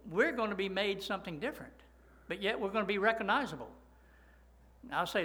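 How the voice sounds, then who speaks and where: A man's voice: high voice, very animated, normal speed, long pauses, pushed and bright. A male pastor preaching a sermon, reading scripture and checking in with the congregation with frequent "right?" asides. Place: church.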